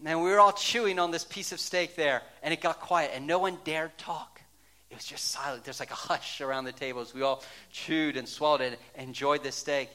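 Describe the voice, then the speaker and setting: Male preacher, storytelling sermon, slightly high voice, lively then hushed. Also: brisk. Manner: animated storytelling, dropping to a hushed, soft delivery toward the close. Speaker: pastor.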